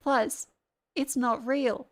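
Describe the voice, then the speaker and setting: A woman's voice: high-pitched, fairly even intonation, extremely slow. A young adult woman, ranting to her stream chat in a heated, sarcastic way, swearing often and sounding congested from a sinus infection.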